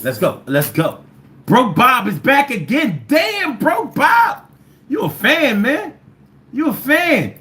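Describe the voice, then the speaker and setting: Faint music plays behind a Philly-accented man from Philadelphia as he hosts a casual livestream. His very high, sharp voice is very animated yet slow, and he playfully reads viewer comments, riffs, breaks into sing-song chants and sometimes sings.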